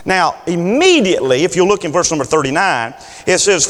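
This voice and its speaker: A man preaching a sermon with lively delivery, acting out the voices of biblical figures. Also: high voice, fairly quick, in a large hall.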